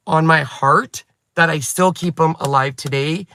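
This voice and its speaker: A chatty man in his forties talks straight to his viewers, animated and self-mocking. His voice sits a little high and sounds bright and forceful. The recording is close and dry, with no room sound. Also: a little slow, no room sound. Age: 40s. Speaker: craft YouTuber and host. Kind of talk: chatty vlog storytelling to viewers.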